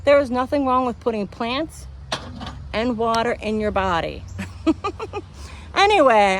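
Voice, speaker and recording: A woman's voice: medium pitch, a little hiss or hum. Chatty woman venting to camera. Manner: chatty, animated, acts out others' lines. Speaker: homestead vlogger. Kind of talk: casual venting monologue.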